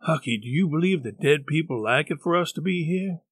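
A man's voice: a little high, expressive, a little fast, dry recording. A jittery boy keeps his voice to an earnest whisper, raised a little above normal speech, and tries to sound braver than he feels, as a man reads him in an audiobook. The sound is close and dry. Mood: nervous hush. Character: nervous boy trying to stay brave.

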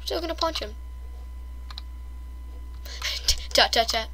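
A young woman chatting casually over her own gameplay, excitable and quick to gasp and squeal at her failures. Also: a little high, no room sound. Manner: excitable, shrieks and gasps at fails. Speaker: gamer.

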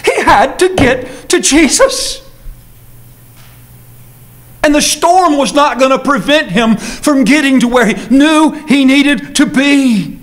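A man preaching a sermon as a pastor, earnest, moving between quick asides and slow, emphatic phrases. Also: extremely high pitch. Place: church sanctuary.

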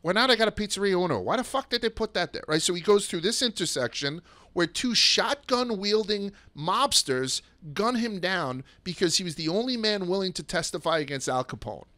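A man hosting a podcast, telling stories in a casual, profane, excitable way that sometimes rushes and stumbles over his words. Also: sits high. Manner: rushes and restarts when excited. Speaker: podcast host. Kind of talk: casual storytelling chat.

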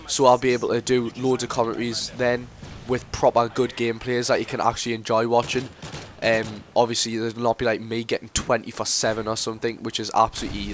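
A man's voice: mid-range voice, a little hiss or hum. A teenage boy, giving casual game commentary that rambles into sweary rants. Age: teens. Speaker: gameplay commentator.

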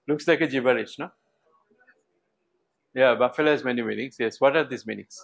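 A man's voice: mid-range voice, fairly quick, creaky, pauses often. A man with an Indian English accent giving a university lecture, who asks the class questions and repeats words for emphasis. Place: lecture hall.

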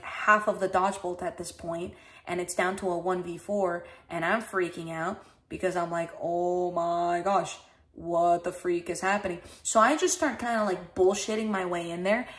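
A woman streamer tells a story in a casual chat on her livestream. She is animated, swears freely and acts out her own past reactions, with a voice of ordinary middle pitch for a woman. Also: moderate pace.

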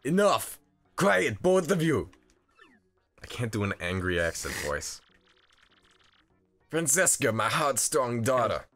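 A man's voice: lowish voice, sing-song, unhurried, long pauses, sharp tone, soft background music, pitched above the performer's own voice, heavily acted. A man voicing a stern mafia boss who is a large island creature, growling out game dialogue in a tough-guy manner.

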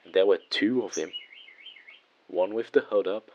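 A man telling a first-person horror story in a measured, hushed way, letting phrases trail off softly. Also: on the low side, lo-fi sound. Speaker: narrator.

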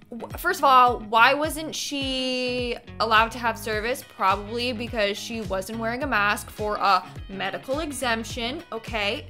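A young woman with a high, bright voice talks through clips in a casual, chatty reaction video. She is expressive and easily moved as she comments. Soft music sits faintly behind her.

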